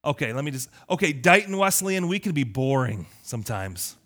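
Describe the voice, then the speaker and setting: A male pastor preaching a lively, conversational sermon, teasing his congregation. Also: mid-range voice, normal speed.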